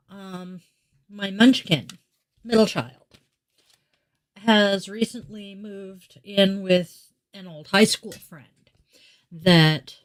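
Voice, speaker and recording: Slow, chatty woman reading tarot. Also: medium pitch. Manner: chatty, warm-hearted, meandering with asides. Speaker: tarot reader and yoga teacher. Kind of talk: live-streamed daily tarot reading.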